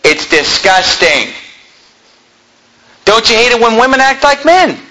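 A man's voice: very high voice, very animated, a little slow, bright, forceful tone, a little hiss or hum, poor audio. A pastor preaching a sermon from the pulpit in an emphatic style, firing rhetorical questions at his congregation. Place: church pulpit.

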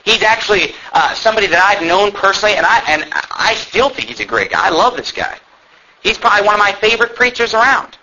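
A man's voice: high-pitched, lively intonation, quick pace, sharp tone, muffled recording. A man preaching a fiery sermon as a pastor, emphatic and sarcastic, sometimes reading text aloud in put-on voices. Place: church.

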